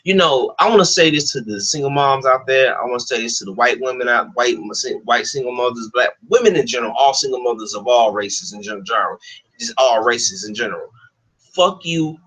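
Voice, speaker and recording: A man's voice: medium pitch, brisk, sharp tone, breathy edge, poor audio. A man vlogging a heated, profane rant, repeating himself and swearing constantly. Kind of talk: profane ranting monologue.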